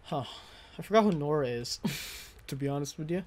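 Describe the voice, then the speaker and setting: A man's voice: fairly high pitch, expressive, normal speed. A man giving live commentary while playing a video game, swearing and venting frustration at enemies into a close desk mic. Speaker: gaming streamer.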